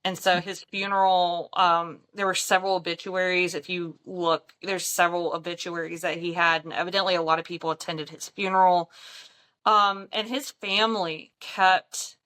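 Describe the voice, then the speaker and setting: A woman's voice: on the low side, steady tone, normal speed, fairly bright tone. A woman, a paranormal investigator, telling stories in a casual chat with frequent ums and light laughs.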